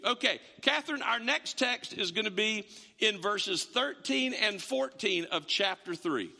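A man's voice: high voice, expressive, a little slow, creaky, sharp tone. A man preaching a sermon, telling stories with quoted voices and repeated words, as a pastor to a congregation. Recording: long hall reverb.

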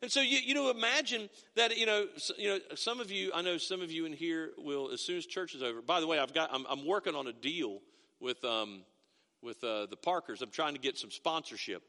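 High, bright-voiced man preaching in a big hall. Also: fairly quick. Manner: folksy, conversational storytelling with many restarts. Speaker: pastor. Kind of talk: sermon. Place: church sanctuary.

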